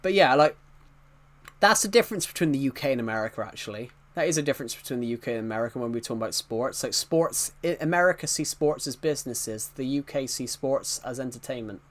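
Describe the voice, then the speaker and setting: A man's voice: medium pitch, quick pace. A young British man in his twenties, live-streaming a football video game and chatting loosely, often restarting sentences and chuckling. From United Kingdom. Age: 20s. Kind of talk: casual live-stream chat while playing a football game.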